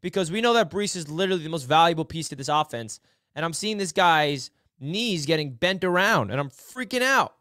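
A man hosting a casual football film breakdown, excitable, dropping to low mutters and then shouting in frustration or delight. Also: a little fast, no echo, clean studio sound. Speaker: sports film breakdown host.

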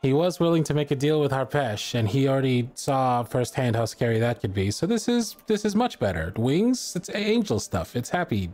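A player chatting casually after a game session, relaxed and quick to laugh. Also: mid-range voice. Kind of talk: casual post-session chat. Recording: faint music behind the voice.

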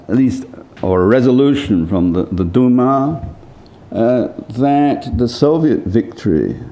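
Slow, gravelly low-voiced older man. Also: mellow. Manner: hesitant, many fillers and restarts. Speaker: lecturer. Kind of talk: impromptu academic remarks.

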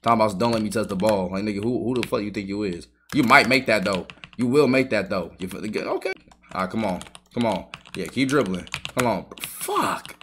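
A man giving live, trash-talking commentary over his own gameplay, excitable and full of swearing. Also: on the low side, brisk, a little hiss or hum. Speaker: gaming YouTuber.

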